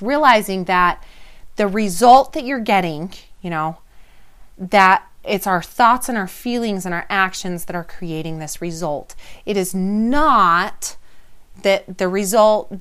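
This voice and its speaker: A woman's voice: mid-range voice, fairly bright tone, smooth. A woman teaching an informal lesson in a conversational way, explaining by example, checking in with the listener and often restarting her phrases. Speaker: wellness teacher.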